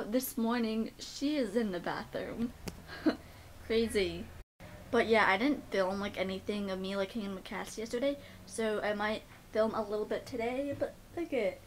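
A woman's voice: on the high side, a little slow, a little hiss or hum. Chatty young woman vlogger, filler-heavy. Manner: rambling, many "like" and "um" fillers; gushing baby talk to pets. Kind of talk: casual vlog chat.

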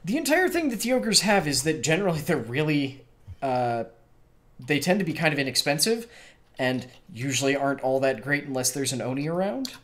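A man's voice: a little high, very animated, brisk, fairly bright tone. A man co-hosting a casual podcast, explaining fantasy game lore and correcting pronunciation with authority. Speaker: podcast co-host. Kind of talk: casual chat about tabletop game world-building.

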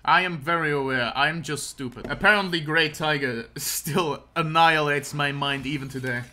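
A young man giving casual let's-play commentary, excitable and self-mocking, swearing often and breaking into laughter. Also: fairly high pitch, moderate pace. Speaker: gaming commentator.

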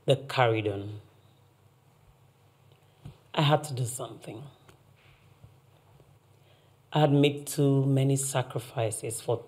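An actress with a Nigerian accent plays a middle-aged mother calmly confessing a scheme, unrepentant, in a TV drama. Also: very deep voice, exaggerated voice. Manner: measured, unrepentant. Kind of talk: TV drama acting.

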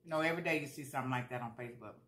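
A woman's voice: very deep voice, racing, a bit bright, roomy sound. A woman vlogger talking casually while she eats, chatty and repeating herself for emphasis. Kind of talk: casual mukbang chat.

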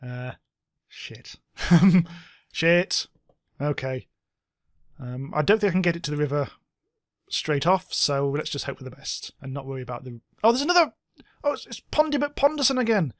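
Man, casual game commentary, excitable, swears a lot, goofy sound effects, dry close sound. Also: fairly high pitch, moderate pace, long pauses, dry recording. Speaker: gameplay commentator. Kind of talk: casual let's-play commentary.

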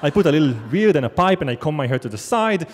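A man's voice: fairly high pitch, very animated, quick pace. Wry male storyteller on stage. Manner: wry, self-deprecating, conversational. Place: large theater stage. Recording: long theater hall reverb.

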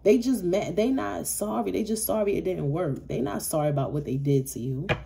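A woman's voice: fairly low pitch, a little fast, creaky, warm tone, slightly rough. Blunt, profane woman tarot reader. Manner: blunt, profane, repetitive and emphatic. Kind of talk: casual collective tarot reading.

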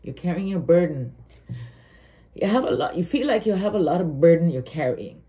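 Guyanese woman, tarot reader; low, mellow voice, earnest and heartfelt, thinks aloud as she goes. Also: animated, moderate pace. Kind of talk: tarot card reading.

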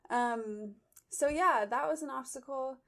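A young woman from Idaho, a psychology graduate student, answering interview questions thoughtfully, with frequent pauses and ums. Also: sits high, a bit bright. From Idaho, USA. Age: young adult. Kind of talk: conversational interview.

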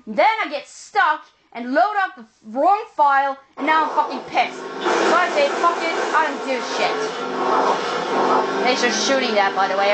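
A woman's voice: high-pitched, very noisy. A woman giving angry, swear-filled commentary while playing a video game. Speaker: let's play gamer. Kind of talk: gameplay commentary.

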